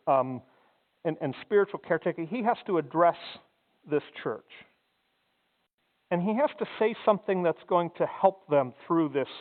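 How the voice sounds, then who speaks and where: Conversational pastor, tinny sound in a hall. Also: male voice, fairly high pitch. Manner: conversational, repeats words while thinking. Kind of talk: sermon. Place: church sanctuary. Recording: phone-like sound in a long-reverb hall.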